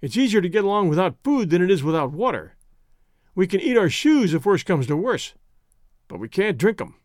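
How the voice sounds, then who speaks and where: A man voicing a rough sailor, gruff and slangy. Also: high-pitched, very animated, brisk, dry recording, studio quality. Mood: grumbling. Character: rough working-class male sailor, plainspoken.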